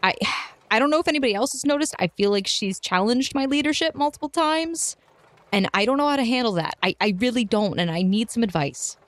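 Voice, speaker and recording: A woman's voice: fairly high pitch, animated, brisk, no echo, close to an everyday voice. A woman voicing an anxious, self-doubting female guild leader who talks hesitantly. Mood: worried.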